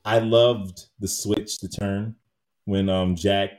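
A man co-hosting a casual movie chat, animated and laughing often. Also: lowish voice, slow.

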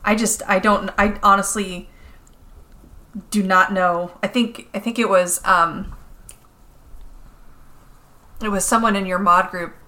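A woman's voice: mid-range voice, fairly even intonation, takes it slowly, long pauses, sharp tone. A woman guest on a gaming podcast, chatting casually and hedging.

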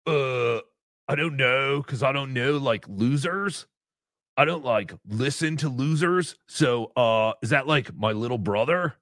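A man's voice: mid-range voice, unhurried, a bit bright, no echo, clean studio sound. A man doing an impression of a dim, laid-back surfer-dude man who drawls with lots of "like" and "uh" fillers. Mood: dismissive.

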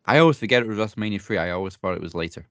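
A man answering wrestling trivia in a casual podcast chat, laid-back and quick to laugh. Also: on the low side, lively intonation, a bit bright, no echo, muffled recording. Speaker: trivia contestant.

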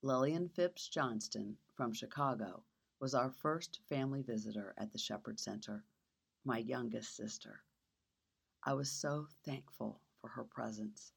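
A woman host narrating a personal story in a soft, intimate way, sometimes dropping to a whisper. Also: rumbling low, vocal fry, breathy edge. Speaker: podcast host.

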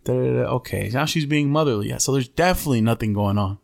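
A man in a mid-pitched voice spins a long story on a podcast. He talks loose and slangy, swears freely and tosses in "bro" again and again. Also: fast talker, vocal fry. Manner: profane, slangy, keeps saying "bro". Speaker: podcast host.

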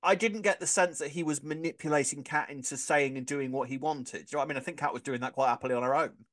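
A man's voice: fairly high pitch, fast, a bit bright. A man co-hosting a podcast, chatting casually and playfully about a soap. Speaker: podcast co-host. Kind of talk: casual chat.

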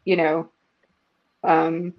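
A woman's voice: sits low, very slow, muffled recording. A woman from Texas, a guest in a casual podcast chat, telling a story with acted-out quotes and frequent laughs. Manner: animated storyteller, acts out quotes, laughs often.

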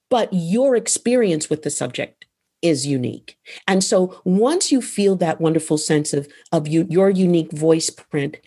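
Woman, low husky voice, emphatic, instructive guest on a podcast. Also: dark tone. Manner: emphatic, instructive, lands her phrases firmly. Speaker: voice coach and author. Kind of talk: podcast interview answers.

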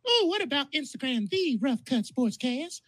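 A man voicing a squeaky, sing-song male hype announcer in a comic podcast blooper. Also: big pitch swings, normal speed, a bit bright, no echo, exaggerated voice. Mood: hammy.

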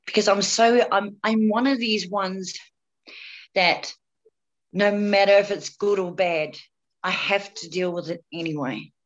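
A woman's voice: mid-range voice, fairly even intonation, unhurried. Candid New woman, slightly muffled. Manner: frank and candid, repeats words as she goes. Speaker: interview guest, breast cancer survivor. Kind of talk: personal storytelling in conversation.

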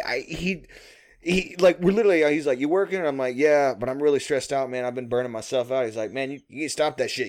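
A man's voice: medium pitch, quick pace. A man in casual chat, telling long rambling stories full of swearing and frequent laughter.

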